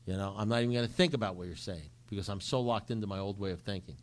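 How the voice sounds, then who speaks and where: Man, middle-aged, low voice, recovery-share storyteller who acts out both sides of conversations. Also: very fast. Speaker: recovery speaker. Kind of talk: recovery talk to a group.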